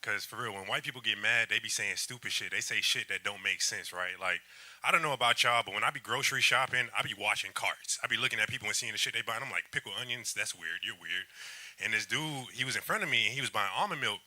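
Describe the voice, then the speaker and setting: A man doing stand-up in a club, telling an animated story and acting out what people said. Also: fairly low pitch, fast talker, no echo. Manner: animated storytelling with acted-out quotes. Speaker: stand-up comic. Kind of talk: stand-up set. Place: comedy club stage.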